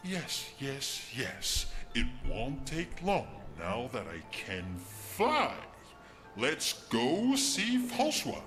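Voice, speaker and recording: A woman's voice: a bass voice, wildly swooping pitch, extremely slow, a bit bright, soft background music, heavily acted. A woman voicing a playful, upbeat young companion in a video game, cheerful and teasing.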